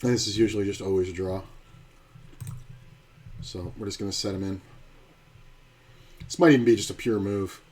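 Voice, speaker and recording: A man's voice: lowish voice, steady tone, normal speed, long pauses, a little mellow. A man streaming online poker, talking through his hands in a blunt, profane way as he thinks aloud. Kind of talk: live-stream poker commentary.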